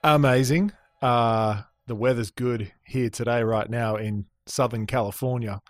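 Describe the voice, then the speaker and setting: A man with an Australian accent, a podcast guest telling stories in an animated way, acting out voices and laughing often. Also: mid-range voice, unhurried, no echo. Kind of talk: casual interview chat.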